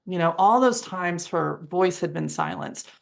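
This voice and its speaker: A woman's voice: lowish voice, a little slow, gravelly. A woman guest in an interview, telling a story animatedly and acting out the dialogue. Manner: animated, acts out quoted dialogue with laughs.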